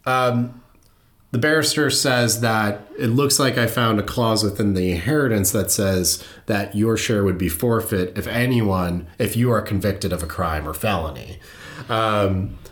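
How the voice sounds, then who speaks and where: Low-voiced man telling a story in a roomy space. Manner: loose and conversational, many fillers, laughs easily. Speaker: podcast host. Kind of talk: casual true-crime storytelling.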